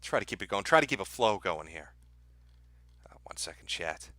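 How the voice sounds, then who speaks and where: A man's voice: deep voice, lively intonation, normal speed, bright, forceful tone. A man hosting a livestream, ranting sarcastically and profanely and laughing at his own jokes as he reads viewer super chats. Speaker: livestream host.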